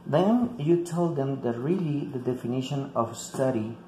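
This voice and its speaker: This male English teacher has a mellow, dark, mid-range voice and takes his time as he guides other teachers through a classroom activity one step at a time. His explanation is full of "like" and repeated words, and faint ambient noise sits behind the echoey room sound.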